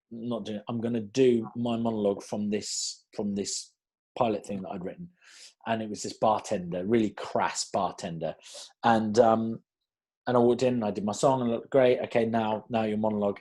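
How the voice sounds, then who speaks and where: British man, casting director, chatty and animated, restarts a lot, mid-range voice. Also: mid-range voice. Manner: animated storyteller who acts out quotes, many restarts. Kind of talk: casual Q&A advice.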